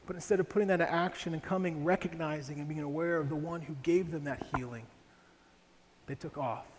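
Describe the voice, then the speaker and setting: A male pastor preaching a sermon in an animated way, asking rhetorical questions and slowing down to read scripture. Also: on the high side. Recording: hall reverb with faint ambient noise.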